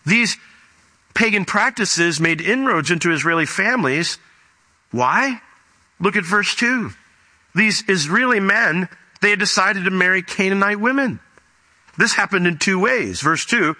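Bright-voiced preacher, rising emphatic pitch. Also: male voice, measured pace. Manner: animated, rises sharply in pitch for emphasis. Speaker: pastor. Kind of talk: sermon with scripture reading.

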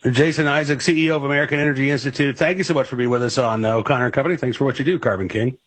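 A male radio talk show host with a mid-pitched, slightly husky voice. He asks questions conversationally, with plenty of fillers and restarts. His studio sound is close and dry. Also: racing, no echo. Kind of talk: radio interview.

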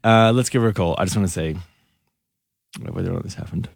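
A man's voice: low voice, fast, gravelly. A man hosting a radio show, chatting casually and rambling with lots of fillers. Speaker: radio host.

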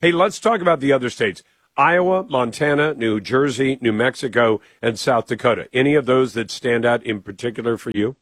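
A man's voice: medium pitch, a little fast, a bit bright. A male radio host talks politics close to a studio mic. The sound is dry, with no room echo. He keeps it conversational and moves the talk on with questions.

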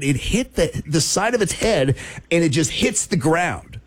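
An excitable male radio host tells a story in a lively, swinging voice. His delivery is loose and chatty, full of laughs and shouted asides. The sound is close and dry, with no room echo. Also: a little high, measured pace. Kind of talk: radio talk show storytelling.

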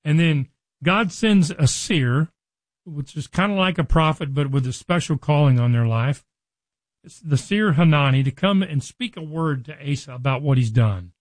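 A man preaching, retelling a Bible story and acting out its dialogue with lively quoted lines. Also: a little high, moderate pace, dry recording. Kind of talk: Bible teaching.

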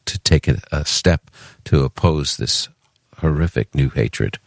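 A man from Brooklyn hosts a call-in radio show with an extremely deep voice. The sound is dry and close, and he talks in a chatty, earnest way. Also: measured pace, creaky, dry recording. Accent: New York. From Brooklyn, New York. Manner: chatty, earnest, with fillers and restarts. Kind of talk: live call-in radio talk.

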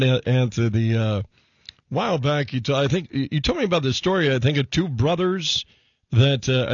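A man's voice: medium pitch, slightly rough, dry recording, highs cut off. A man hosting a radio show, asking questions in a rambling, hesitant way with many restarts. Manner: rambling, halting, laughs often. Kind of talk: casual radio chat.

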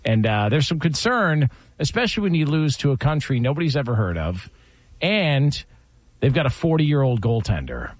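A man co-hosting a sports radio show, talking in a laid-back, wry way and reading show plugs smoothly. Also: mid-range voice, very animated, moderate pace, dry recording. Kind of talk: casual sports talk. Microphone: studio microphone.

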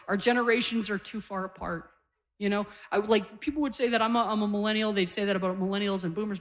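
A woman in her forties, originally from Canada, performing stand-up into a handheld mic on a live stage. Her voice sits at a middling pitch, and she tells her stories in a loose, conversational, self-mocking way. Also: fairly bright tone. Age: 40s. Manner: conversational, self-deprecating storytelling. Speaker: stand-up comedian. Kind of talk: stand-up comedy set. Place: comedy stage before a live audience.

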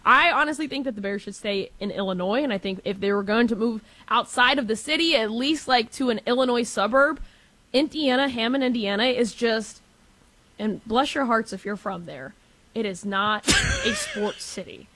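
Bright, chatty woman co-host. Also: on the high side, animated, moderate pace, no room sound. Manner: chatty, laughing, blunt opinions. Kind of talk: casual sports talk.

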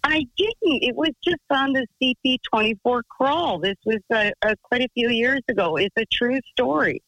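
A woman's voice: a little high, animated, normal speed, a bit bright, dry recording, rough recording. A woman from Canada calling into a radio show, telling a rambling story in a chatty, loose way. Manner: chatty, rambling, swears, laughs easily. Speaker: radio caller. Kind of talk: phone-in storytelling.

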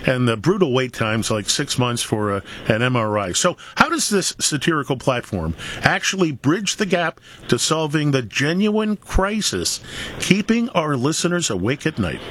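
A man's voice: fairly high pitch, very animated, moderate pace, fairly bright tone, a little hiss or hum. A man hosting a talk radio show, reading out questions with frequent chuckles. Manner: reads questions, chuckles between them.

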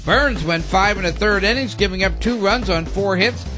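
A man hosting a radio sports segment, reading scores briskly with dry asides. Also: high-pitched, music in the background. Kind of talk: radio sports news read.

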